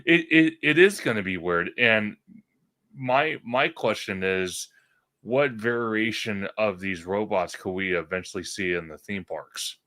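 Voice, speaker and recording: A man co-hosting a casual livestream chat, agreeing loudly and often tripping over his words. His voice is lowish but bright and forceful. The sound is dry and close. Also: measured pace, dry recording. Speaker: podcast co-host.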